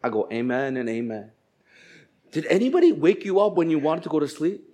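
A man preaching a sermon, animated and humorous, acting out quoted voices of people for laughs. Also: fairly high pitch, a little fast. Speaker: pastor.

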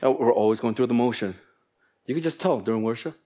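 A man preaching a sermon in a church, animated, breaking into little acted exchanges in different voices. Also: medium pitch, fast talker, very noisy. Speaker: pastor.

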